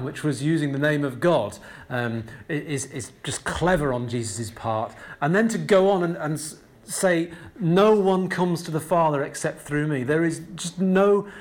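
A man preaching a sermon in a conversational way, slowing down to stress key words and repeating them for emphasis. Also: a little high. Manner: conversational asides with frequent fillers and restarts.

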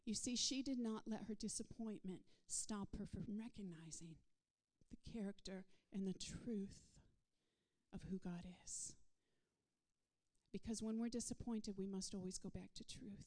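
A woman preaching a sermon, swinging from soft whispered passages to loud, rising declarations in a repetitive call-and-response rhythm. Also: medium pitch, steady tone, unhurried.

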